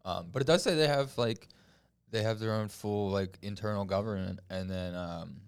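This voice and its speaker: Casting: man, lower voice, loose rambling podcast storyteller, swears casually. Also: normal speed, clean tone. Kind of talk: casual chat.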